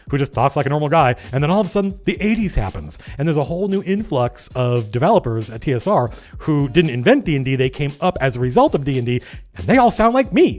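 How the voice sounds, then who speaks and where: A man hosting a casual livestream, reading old game zines aloud and breaking off into rambling, animated comments. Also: fairly high pitch. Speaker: livestream host.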